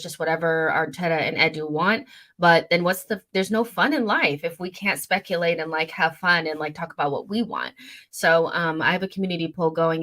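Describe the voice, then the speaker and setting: A woman's voice: fairly low pitch, fairly bright tone. A young woman hosting a casual fan livestream, rambling and chatty with lots of fillers as she reads out viewer comments. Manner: chatty, rambling, many fillers and self-corrections. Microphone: studio mic at a desk.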